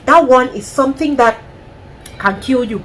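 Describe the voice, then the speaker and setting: A Cameroonian woman vlogger giving frank, animated advice with a Cameroonian accent in a casual monologue. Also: high voice, normal speed, a little hiss or hum, poor audio. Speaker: lifestyle vlogger.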